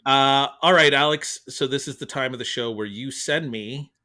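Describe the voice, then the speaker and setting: Bright-voiced wry podcast host. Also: male voice, medium pitch, normal speed. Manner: wry, swearing, animated. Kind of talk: casual chat.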